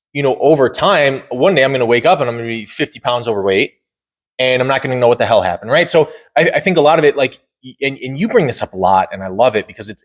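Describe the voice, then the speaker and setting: A man's voice: medium pitch, fairly bright tone. A man co-hosting a podcast, chatting casually, rambling and often checking in with "right?". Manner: rambling, repeats words and says "right?" often. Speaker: podcast co-host. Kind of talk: casual chat.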